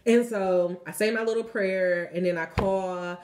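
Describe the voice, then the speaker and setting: A woman's voice: mid-range voice, fairly even intonation, measured pace, darkish tone, a little hiss or hum. A young woman, a tarot reader telling a story in a chatty, casual way, full of "like" and "you know", with the odd swear word. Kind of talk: casual spiritual vlog talk.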